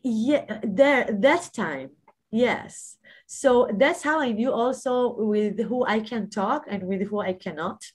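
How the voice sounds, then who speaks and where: This woman's fairly high voice carries a breathy edge as she gives personal testimony about her brush with death. She pauses and gropes for words, filling gaps with fillers, then swells on the phrases that matter most.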